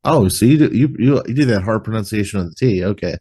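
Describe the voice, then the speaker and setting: Over a video call webcam, a man hosts a podcast with loose, rambling chat, peppering his speech with "like." His voice is fairly low and husky, and he talks fast.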